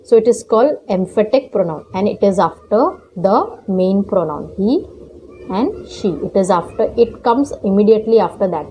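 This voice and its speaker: A woman's voice: mid-range voice, lively intonation, normal speed, mellow, a little hiss or hum, poor audio. A woman teacher explaining grammar in a recorded lesson, repeating points and often checking in with "okay?". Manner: repetitive, checks understanding with "okay?".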